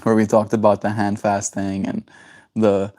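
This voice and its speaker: A man's voice: on the low side, completely flat delivery, moderate pace, a little mellow. Chatty man streaming live. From South Africa. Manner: rambling, answers chat messages aloud. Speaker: livestreamer. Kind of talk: casual livestream chat.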